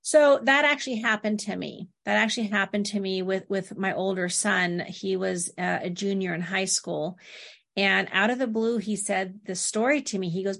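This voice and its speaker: A woman's voice: mid-range voice, steady tone, normal speed, vocal fry, a bit bright. A middle-aged woman, a therapist guest, talking casually in an interview and telling stories with quoted dialogue. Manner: anecdotal, quotes clients and family in dialogue. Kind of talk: conversational interview.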